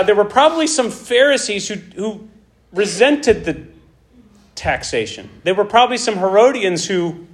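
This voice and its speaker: Guy preaching on a bible passage, chatty and animated, pitch jumping all over, a bit high. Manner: animated, acts out the dialogue with asides. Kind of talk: conversational Bible teaching.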